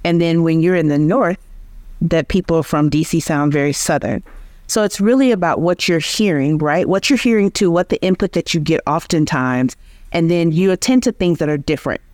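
A woman from Georgia, a linguistics researcher, explaining speech sounds in a measured, teacherly way as an interview guest. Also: low-pitched, darkish tone, dry recording, studio quality. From Georgia, USA. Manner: measured, teacherly, restarts phrases.

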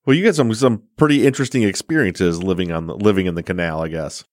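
A man hosts a podcast, chatting with his guest and leading into the topic. His voice sits fairly low and he restarts phrases as he speaks. The recording is dry and close. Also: fast talker, a little mellow, no room sound. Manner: friendly, asks questions with hesitant restarts. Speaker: podcast host. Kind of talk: interview chat.

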